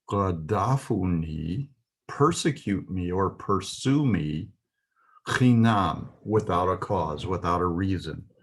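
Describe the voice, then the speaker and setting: Slow, low-voiced husky man teaching. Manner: spells out words carefully, pausing with "uh". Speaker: Hebrew teacher. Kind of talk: slow, deliberate lesson.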